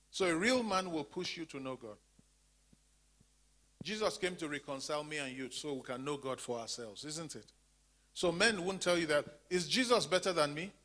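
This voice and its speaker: A man's voice: a little high, a bit bright. A man teaching a women's church class. He asks questions and leaves his sentences open for the group to finish, repeating key words for emphasis. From Zambia.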